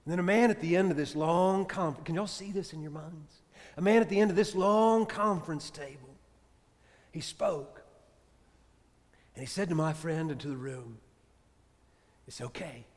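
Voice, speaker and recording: A man preaching a sermon as a priest, telling a story with dramatic swings from loud to hushed. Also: a little high, moderate pace. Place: church. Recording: reverberant church hall.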